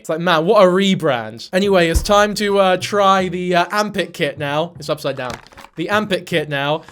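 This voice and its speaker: A man's voice: high-pitched, lively intonation, moderate pace, fairly bright tone. A man ranting through reaction commentary, sweary and exasperated. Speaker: commentary YouTuber.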